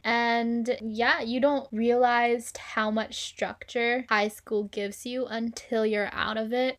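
Chatty young woman with a higher voice. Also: a bit bright. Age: 20s. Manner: frank and chatty, swears freely, laughs often. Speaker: podcast host. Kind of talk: casual solo podcast monologue.

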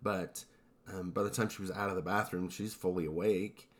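A man with a fairly low voice tells creepy stories on a podcast, easygoing and a little rambling. He pauses with "um" and "you know" as he goes, keeping it conversational rather than dramatic. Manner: relaxed, rambling storyteller with frequent fillers. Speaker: podcast co-host. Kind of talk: casual storytelling chat.

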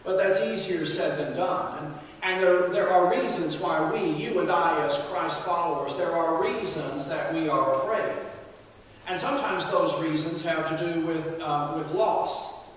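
A man preaching a sermon and praying in an earnest, halting way, with many fillers. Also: fairly high pitch. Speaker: pastor. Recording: echoey hall, mic from far off.

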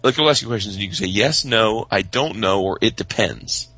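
Podcast co-host, male, lowish voice, dry close sound, excitable, loose and profane. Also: a little fast, breathy edge, dry recording, rough recording. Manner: excitable storyteller, swears freely, does silly toy voices. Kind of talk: casual chat.

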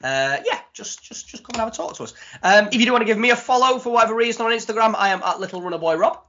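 A chatty man hosting a podcast, joking along with plenty of ums. His voice is fairly high and bright with a forceful edge. The recording sounds dull and lo-fi. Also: animated, rapid-fire, slight background noise. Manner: chatty, jokey, with many ums. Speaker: podcast host. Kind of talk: casual podcast chat.

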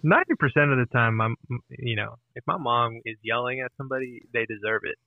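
A man's voice: mid-range voice, fast, creaky, no echo, phone-quality sound. A man co-hosting a casual podcast, talking in easygoing slang and laughing along. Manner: slangy, says dude and bro. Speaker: podcast co-host. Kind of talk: casual chat.

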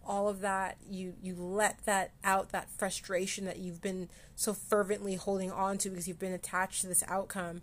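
A woman's voice: medium pitch, little pitch movement, moderate pace, a little hiss or hum. A woman from Canada hosting a casual solo podcast, talking candidly with frequent restarts and casual swearing. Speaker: podcast host.

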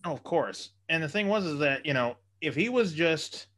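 A man with a bright, forceful voice in casual chat, telling long rambling stories and swearing freely. He is trying to buy a comedy club, and his delivery is loose and conversational. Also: on the high side, lively intonation, moderate pace. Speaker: would-be comedy club owner.

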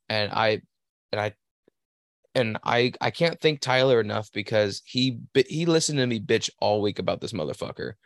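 A man's voice: fairly low pitch, animated, normal speed, no room sound, studio quality. A young man on a podcast telling a rambling work story in a casual, profane way. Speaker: podcast host. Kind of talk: casual chat.

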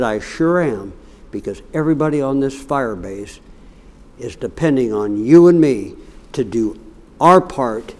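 A middle-aged man preaching a sermon, telling stories and swinging from quiet asides to loud, raised passages. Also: mid-range voice.

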